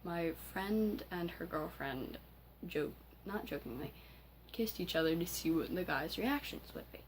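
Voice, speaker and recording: A teenage girl ranting casually to camera as a vlogger, halting, with many fillers and restarts. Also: on the low side, lively intonation, slight background noise, low-quality recording. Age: teens.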